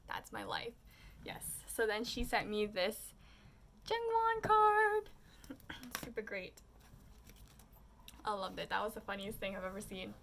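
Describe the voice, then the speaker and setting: A young woman vlogger chatting casually through a story, full of "like"s, and she voices her own remarks in quotes with high squeals. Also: steady tone, normal speed, vocal fry, fairly bright tone, slight background noise.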